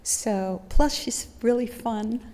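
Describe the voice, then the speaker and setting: Woman chairing a service, introducing the guest speaker, soft mellow voice, bit higher pitched, lots of hall echo. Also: slow pace, slight background noise. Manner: warm, enthusiastic, uses simple comparisons. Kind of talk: formal introduction. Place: large hall, indoors. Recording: long hall reverb, live room.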